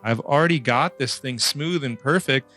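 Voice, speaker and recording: A man's voice: mid-range voice, moderate pace, pushed and bright, soft background music. A man narrating a casual drawing tutorial in a chatty, playful way, quizzing the viewer as he works. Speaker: drawing instructor.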